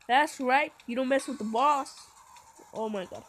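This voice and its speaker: A woman giving live commentary on her own gameplay, excitable and full of playful trash talk and sudden shouts. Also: fairly high pitch, a little fast, a little hiss or hum, poor audio. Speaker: gameplay video host. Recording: game music playing behind. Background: game music.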